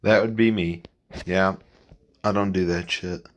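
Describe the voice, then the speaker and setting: Low-voiced casual man reacting. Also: fairly even intonation, measured pace. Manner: low-key, casual swearing asides. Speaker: reaction video host. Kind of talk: casual commentary.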